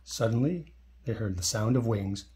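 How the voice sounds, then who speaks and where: A man reads a children's storybook aloud, friendly and expressive. His voice is mellow and soft-toned, with a lively, swinging melody that rises and falls through each sentence. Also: lowish voice, moderate pace. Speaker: storybook reader. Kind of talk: reading a children's book aloud.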